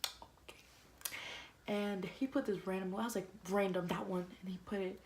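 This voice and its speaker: A young woman vlogger telling a casual storytime, fast and slangy, full of "like" and quoted back-and-forth. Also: mid-range voice, fairly even intonation, a little mellow, slight background noise, poor audio.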